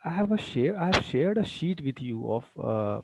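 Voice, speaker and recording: A man teaching a class online through a computer mic, unhurried, often repeating words as he plans what to say. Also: medium pitch, very animated, gravelly, background noise. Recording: dull lo-fi sound.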